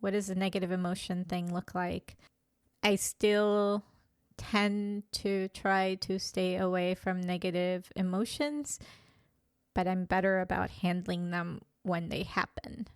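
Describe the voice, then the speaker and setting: A woman in her fifties talking candidly in a reflective personal monologue, pausing and restarting as she thinks. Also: lowish voice, fairly even intonation, smooth, no room sound, studio quality. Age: 50s. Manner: thoughtful, candid, with frequent pauses and restarts. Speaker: vlogger.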